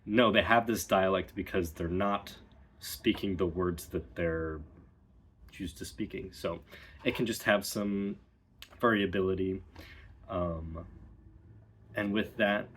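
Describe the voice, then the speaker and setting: A man giving a relaxed, explanatory video lesson as a dialect coach, pausing often with ums. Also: low-pitched, slight background noise.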